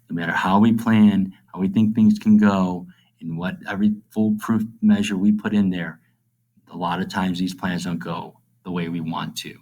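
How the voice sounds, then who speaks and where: A middle-aged male teacher giving a recorded literature lesson, reading verse slowly and then explaining it in plain, casual terms, often checking in with "okay?". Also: low voice, fairly even intonation, a little mellow.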